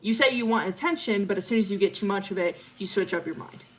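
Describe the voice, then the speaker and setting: A woman's voice: medium pitch, fast, faint music behind, close to an everyday voice. A woman voicing a fed-up teenage girl who talks bluntly and curses. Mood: cold. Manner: blunt, cursing, dismissive.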